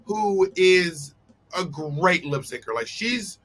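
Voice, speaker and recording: A man's voice: high voice, animated, slow, a bit bright, slight background noise, poor audio. A man in his thirties hosting a show, chatting casually and teasing his co-host in a laid-back, playful way. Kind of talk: casual recap chat.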